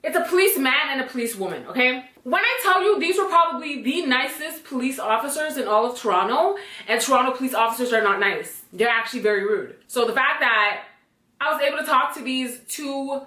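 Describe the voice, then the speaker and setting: A woman telling a personal story to camera in a casual, blunt, animated way, swearing freely. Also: sits high, reverberant. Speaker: storytime vlogger.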